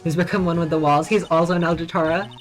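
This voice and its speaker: A woman streaming herself playing a courtroom video game, joking, swearing and bursting out in quick excitement as she reads the dialogue aloud. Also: fairly low pitch, faint music behind. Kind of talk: casual gameplay commentary with read-aloud dialogue.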